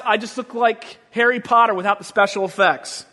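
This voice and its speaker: High-voiced male pastor in a reverberant hall. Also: steady tone, a little fast, hardly any pauses. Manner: humorous storytelling, acting out quotes, swinging from soft to loud. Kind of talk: sermon. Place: church sanctuary. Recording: long church reverb.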